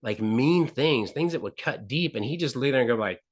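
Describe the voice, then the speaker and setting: A middle-aged man with a voice of ordinary pitch tells a personal story as a talk show guest. He talks in an earnest way, repeats phrases for emphasis and acts out the people he quotes. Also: lively intonation, normal speed. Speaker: podcast guest. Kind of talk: candid storytelling interview.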